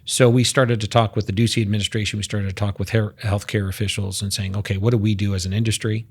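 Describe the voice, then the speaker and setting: A man's voice: on the low side, little pitch movement, fast talker, slightly rough. A man speaking as a guest on a podcast, emphatic, piling up figures and restarting his words. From United States. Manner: emphatic, statistic-heavy, repeats words when starting. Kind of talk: casual podcast interview.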